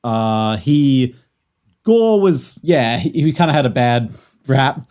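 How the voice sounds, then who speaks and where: A man in a relaxed podcast chat, walking his friends through comic lore. He rambles, fills gaps with ums and likes, and restarts his sentences often, at a medium pitch. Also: takes it slowly. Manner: rambling, lots of fillers and restarts. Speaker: podcast host presenting the lore. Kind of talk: casual chat.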